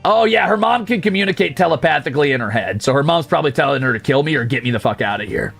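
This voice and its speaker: A man's voice: a little high, lively intonation, quick pace, vocal fry, fairly bright tone, soft background music. A male streamer reading a game's story aloud, with sarcastic, profane asides. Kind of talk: game read-through with commentary.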